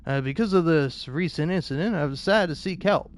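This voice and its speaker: A man's voice: fairly high pitch, close to an everyday voice. A man voicing a formal letter-writer troubled by vivid dreams, in a put-on British accent. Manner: formal, measured reading.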